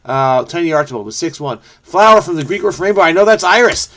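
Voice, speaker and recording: A man talking himself through a crossword in a casual, think-aloud way. His voice sits a little high for a man. He drops into low mutters over the clues, then jumps up in sudden excited bursts when an answer clicks. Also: quick pace. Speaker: crossword solver, channel host.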